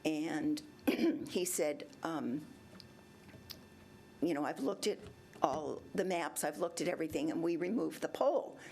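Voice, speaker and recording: A woman in her seventies addresses a city council chamber during public comment, her voice low, unhurried, and warm with vocal fry. She rambles through her personal complaint, acting out both sides of past conversations.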